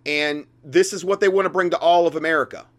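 Man, high-pitched, indignant, rambling, casual reaction commentary. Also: steady tone, quick pace, a bit bright. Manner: indignant, repetitive, addresses viewers as guys.

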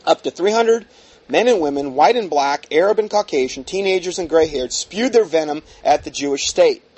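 A man's voice: fairly high pitch, darkish tone, husky. A man reading a news article aloud and breaking off into heated, sarcastic commentary, with many fillers. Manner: reads aloud then breaks off into heated asides; frequent fillers and restarts, sarcastic mockery.

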